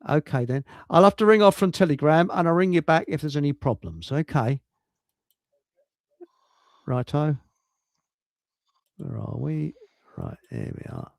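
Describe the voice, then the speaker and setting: A man hosting a casual livestream, rambling and halting over technical trouble with many restarts. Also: on the high side, big pitch swings, creaky, no echo, clean studio sound. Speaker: livestream host. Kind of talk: casual chat. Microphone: computer mic on a video stream.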